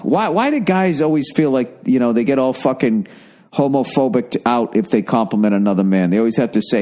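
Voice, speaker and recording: A man's voice: medium pitch, lively intonation, a little fast, warm tone. A man in his forties hosting a solo podcast, talking in a rambling, sarcastic and profane way. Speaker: podcast host. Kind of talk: casual solo podcast monologue.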